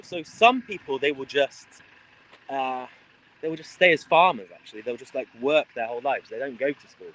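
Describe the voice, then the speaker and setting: British male travel streamer, rambling casual delivery, handheld outdoors with clear noise behind. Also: medium pitch, animated, moderate pace, a bit bright, poor audio. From United Kingdom. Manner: rambling, chatty, with frequent fillers and restarts. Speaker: travel vlogger livestreaming. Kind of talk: casual walking livestream. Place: outdoors in a rural mountain village.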